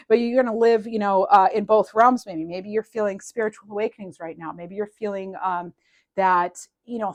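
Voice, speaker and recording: A woman talks through a tarot reading in a loose, rambling way, full of "you know" and "um" and restarting her sentences. Her voice sits at a middle pitch, and she laughs lightly as she goes. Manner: rambling, animated, lots of fillers and restarts; laughs lightly while talking. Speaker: tarot reader. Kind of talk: casual channeled tarot reading.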